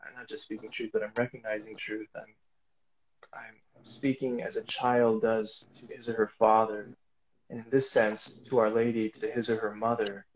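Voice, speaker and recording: A man's voice: lowish voice, little pitch movement, normal speed, lo-fi sound. A man speaking as a guest, telling a casual faith testimony in a rambling way with many fillers and restarts.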